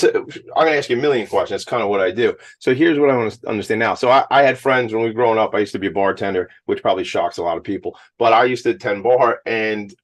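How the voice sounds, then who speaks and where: Upbeat male radio host, lowish voice, rapid-fire and effusive. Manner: enthusiastic, effusive, rapid talker. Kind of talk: casual radio interview. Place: on location at a high school.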